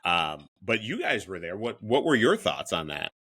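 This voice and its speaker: Candid man in his fifties, bright voice. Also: low voice, big pitch swings, normal speed, husky. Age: 50s. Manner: candid, self-deprecating, with frequent restarts. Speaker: podcast co-host. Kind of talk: casual chat.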